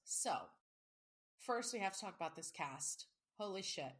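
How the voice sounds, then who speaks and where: A woman's voice: mid-range voice, animated, unhurried, fairly bright tone. Chatty woman podcast host. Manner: chatty, self-mocking, swears casually. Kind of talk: casual chat.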